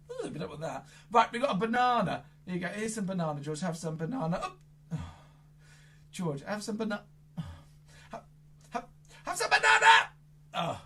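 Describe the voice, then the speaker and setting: A children's magic show entertainer with a bright, forceful voice that leaps all over the place. The patter is silly and exaggerated. It swings from loud squeals to hushed asides. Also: medium pitch, husky.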